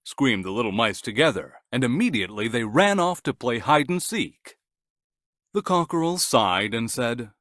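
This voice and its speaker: A man narrates a scripted bedtime story for children with gentle, animated storytelling. His voice sits slightly high and rises and falls very widely. The sound is dry and close. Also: no echo.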